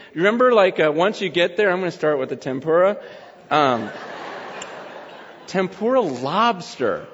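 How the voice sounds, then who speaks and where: Chatty middle-aged pastor, eating while preaching. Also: male voice, sits high, fairly bright tone. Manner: chatty, laughing, talks with his mouth full. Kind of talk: casual sermon filmed at a meal. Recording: dull sound with long hall reverb.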